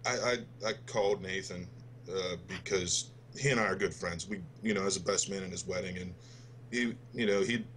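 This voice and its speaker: A man's voice: deep voice, normal speed, a bit bright, slight background noise. A man in his twenties on a gaming podcast, telling a story to friends in a loose, profane way and laughing as he goes. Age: 20s. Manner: laughs through his story, swears freely. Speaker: podcast co-host.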